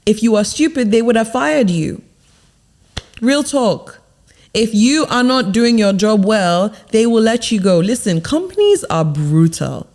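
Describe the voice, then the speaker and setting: A young woman speaking to camera as a confidence coach, emphatic and deliberate, dropping her voice low to land each point. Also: mellow. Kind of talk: motivational advice to camera.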